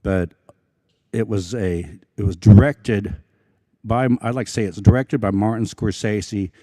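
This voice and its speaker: An Osage man from Oklahoma, a film actor speaking as an event guest, telling stories in a halting, earnest way with many restarts. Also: lowish voice, warm tone, no room sound, studio quality. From Osage Nation, Oklahoma. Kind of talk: casual storytelling talk. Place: public evening event.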